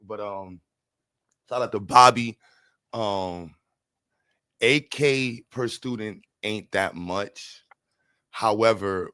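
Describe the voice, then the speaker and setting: A new, energetic livestream host from New York, a man with a deep voice and no echo, chats casually while raising money for a school. He's slangy, repeats words, and shouts out people in the chat.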